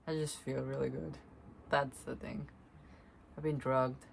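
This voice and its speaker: A woman vlogging alone, speaking softly and reflectively, often pausing to search for words and breaking into laughter. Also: extremely low pitch, little pitch movement, creaky, a little hiss or hum. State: tearful at times. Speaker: spiritual vlogger. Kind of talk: slow reflective monologue, energy reading.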